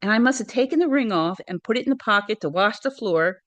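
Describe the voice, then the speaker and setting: A middle-aged woman telling a personal story in an interview, earnest and hesitant, with frequent pauses and restarts. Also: mid-range voice, animated, a bit bright, no echo. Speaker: interview guest.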